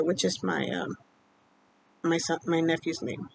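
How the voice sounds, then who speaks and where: A woman vlogger casually telling a personal story, rambling and halting with many fillers, sounding upset and emotional. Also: on the low side, steady tone, gravelly, slight background noise, rough recording. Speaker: vlogger keeping a mood journal.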